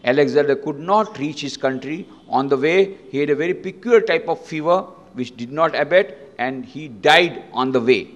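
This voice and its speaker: A man's voice: on the high side, normal speed, hardly any pauses. A man telling a story dramatically and emphatically during a lecture to an audience. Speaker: monk lecturer. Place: lecture hall. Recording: long reverb in a lecture hall.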